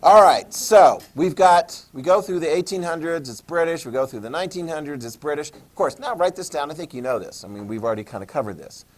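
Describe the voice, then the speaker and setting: A man's voice: on the high side, expressive, brisk, hardly any pauses. A man teaching a history class, joking and checking in with questions. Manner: jokey, asks the class questions, "okay?" checks. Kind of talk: classroom lecture.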